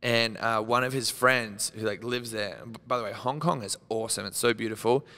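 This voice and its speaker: A man's voice: fairly low pitch, steady tone, brisk, sharp tone, big-room sound. A young Australian man in his twenties, a podcast guest telling wild stories in casual chat, rambling and swearing as he acts out what people said. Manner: rambling storyteller, swearing and laughing, acting out quotes.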